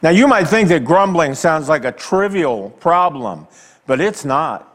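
A man preaches to a congregation, leaning hard on each phrase and letting long pauses hang. His voice rises and falls widely and sits a little higher than most men's. A long reverb trails every line, like a large sanctuary. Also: sing-song, fairly bright tone. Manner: slow, emphatic preaching with dramatic pauses; asks the congregation direct questions. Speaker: pastor. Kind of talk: sermon.

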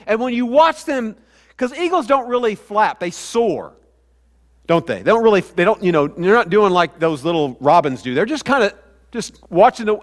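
A man with a high voice preaches a sermon in a church sanctuary and keeps asking the congregation questions. His words trail off into a long hall reverb. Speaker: pastor.

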